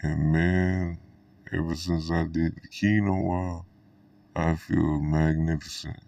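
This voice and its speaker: Super deep flat-voiced guy rambling and cussing, dry sound, mic kinda far off. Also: slow pace, vocal fry, no echo. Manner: profane, animated, laughs between thoughts. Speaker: vlogger. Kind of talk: rambling monologue.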